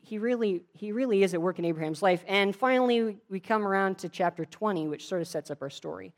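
A woman preaching a sermon in a relaxed, conversational way, retelling a story with frequent restarts. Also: on the low side. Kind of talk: casual sermon.

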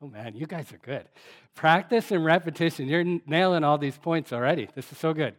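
A man's voice: on the high side, animated, a little fast. A male pastor giving an interactive sermon, repeating the congregation's answers and talking conversationally with frequent fillers. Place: church sanctuary.

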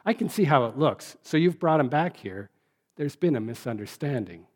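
A man's voice: mid-range voice, animated, normal speed, natural voice. A man voicing a kindly old male bishop who speaks solemnly, stressing every word. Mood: gentle. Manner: solemn, emphasizing each word.

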